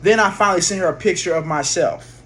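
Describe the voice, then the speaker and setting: Man, slightly high voice, loose profane storytelling full of slang and false starts, faint hiss behind. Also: fast, a bit bright. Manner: rambling, profane, with slang and restarts. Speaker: vlogger. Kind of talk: casual storytelling.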